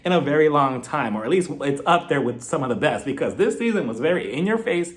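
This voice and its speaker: A man's voice: on the high side, lively intonation, a little fast. A young man recapping a reality show in a chatty, gossipy way, often laughing. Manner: chatty and gossipy, with frequent laughs and mock impressions. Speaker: YouTube TV reviewer.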